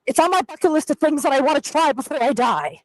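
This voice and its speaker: A woman's voice: sits high, lively intonation, fast talker, dry recording, poor audio. A woman calling in live from a rainy city street, self-conscious and hesitant, laughing nervously. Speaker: contestant on a live show. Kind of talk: live phone call from the street.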